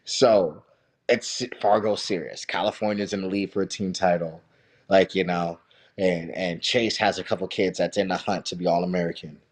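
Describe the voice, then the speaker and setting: Profane, animated man telling stories. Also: deep voice, normal speed. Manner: animated, profane, says "bro" often. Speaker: guest, wrestling coach. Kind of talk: casual storytelling.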